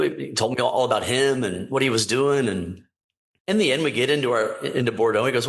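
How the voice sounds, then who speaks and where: A man's voice: medium pitch, fairly quick. A man guest on a podcast, a wine importer and company founder, telling anecdotes in casual chat and acting out what people said. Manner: animated anecdote-telling, acting out quoted dialogue. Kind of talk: casual storytelling interview.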